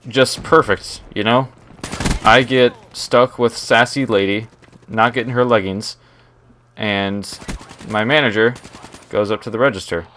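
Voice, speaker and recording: A man's voice: fairly low pitch, steady tone, a little slow, long pauses, a bit bright, a little hiss or hum. A young man telling a rambling work story while playing a shooter game, often breaking off to react to the match. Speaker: gaming storyteller. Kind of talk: story time over gameplay commentary.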